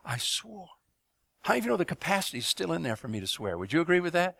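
A man's voice: fairly high pitch, fast talker, gravelly, no echo. A middle-aged man preaching a testimony sermon, telling stories with laughter and asking the audience questions. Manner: animated storyteller, laughs, asks audience.

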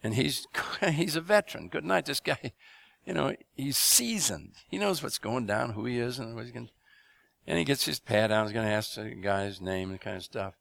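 Speaking at normal speed in a mid-range, gravelly voice with no room sound, a middle-aged man gives a testimony sermon. He's an animated storyteller who laughs and quizzes his audience.

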